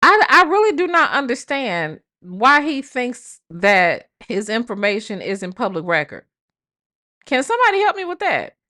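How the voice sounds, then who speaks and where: A woman's voice: fairly high pitch, big pitch swings, moderate pace, sharp tone. A woman commenting on a call recording, sassy and mocking, piling on rhetorical questions. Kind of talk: comedic commentary.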